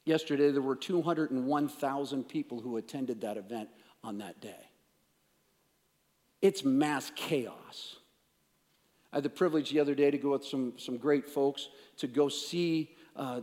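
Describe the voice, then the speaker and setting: A man preaching a sermon, emphatic, swinging between raised declarations and hushed, intense passages. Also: medium pitch, moderate pace. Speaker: pastor. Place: church sanctuary. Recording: long reverb of a large hall.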